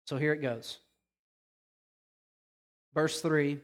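A man's voice: high-pitched, moderate pace. A man preaching a sermon as pastor, talking conversationally with humorous asides.

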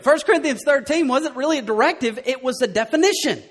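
A man's voice: extremely high pitch, expressive, fast, a bit bright. A man in his thirties preaching a sermon as pastor, emphatic and checking in with "all right?" after nearly every point.

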